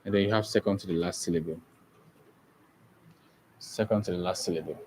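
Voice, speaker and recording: A man's voice: low-pitched, steady tone, darkish tone, a little hiss or hum, low-quality recording. A man teaching an exam-prep lesson. He spells words out letter by letter and keeps asking whether the class understands. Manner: slow and deliberate, spells words letter by letter and often checks understanding. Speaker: English teacher.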